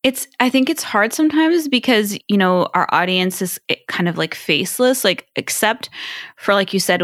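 A woman co-hosts a podcast, chatting and reading listener letters aloud. She laughs readily and talks with open emotion. Her voice is mid-pitched and recorded dry and close. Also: dry recording. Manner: warm, laughs easily, emotional. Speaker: podcast co-host. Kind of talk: casual podcast chat and reading listener mail.

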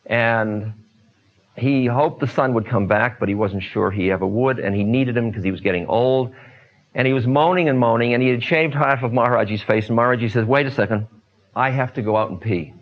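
An older man in a relaxed storytelling talk, unhurried, trailing off into fillers and asides as a spiritual teacher. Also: medium pitch, dull audio. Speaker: spiritual teacher telling stories.

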